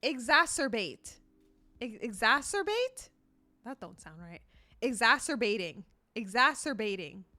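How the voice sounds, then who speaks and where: A woman's voice: a little high, sing-song, a little slow, pushed and bright, faint music behind. A young woman streaming live, chatting casually and reading game text aloud, swearing freely as she stumbles over words. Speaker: livestreamer.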